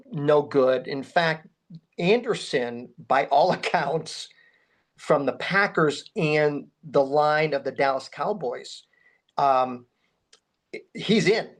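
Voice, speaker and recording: A man guest telling a long story in an interview. He talks at a middling pitch and swings sharply higher whenever he acts out someone's words. His delivery is animated and full of restarts. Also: slow pace. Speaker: guest, memorabilia collector.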